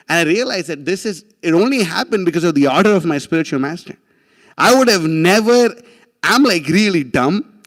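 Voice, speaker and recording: A man giving a religious class, telling a story in an animated, casual way with many restarts and laughs. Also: high voice, normal speed, long reverb tail.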